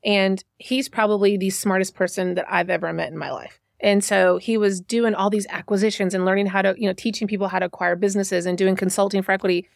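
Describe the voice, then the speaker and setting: A woman's voice: mid-range voice, fairly even intonation, fast talker, vocal fry, few pauses, no room sound, studio quality. A middle-aged woman, a podcast guest, chatting casually and telling stories with frequent restarts. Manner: chatty storyteller, many restarts. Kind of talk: casual conversation.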